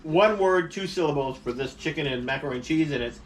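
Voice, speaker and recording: A playful man talks and laughs his way through a home dinner vlog. His voice sits a little high, and it's picked up from across the table. A faint hiss runs under the recording. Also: quick pace. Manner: playful, chatty, laughs often. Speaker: vlog host. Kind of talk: casual mukbang chat. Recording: distant camera mic with faint noise.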